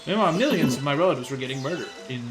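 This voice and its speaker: A man's voice: on the high side, expressive, racing. A young man streaming a game, chatting casually to his viewers, swearing and ranting. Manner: profane, ranting, talks to chat. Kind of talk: casual livestream chat. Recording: game music behind voice. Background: game music.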